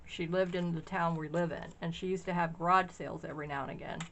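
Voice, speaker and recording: A middle-aged woman chatting casually in a vlog, gushing and rambling excitedly as she shows off vintage craft finds. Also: fairly low pitch, quick pace, lo-fi sound, slight background noise. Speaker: craft shop owner sharing a haul.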